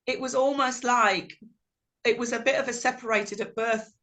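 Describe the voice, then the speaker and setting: A woman's voice: fairly high pitch, moderate pace. A middle-aged woman singer telling stories in a video call interview, acting out quotes with animation. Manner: animated, warm storytelling with acted-out quotes.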